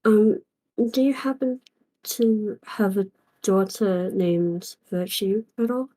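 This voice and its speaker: A woman playing her character in a tabletop game, speaking hesitantly and apologetically with many pauses and fillers. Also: medium pitch, dark tone, poor audio. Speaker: player voicing a tiefling character. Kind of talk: in-character tabletop role-play.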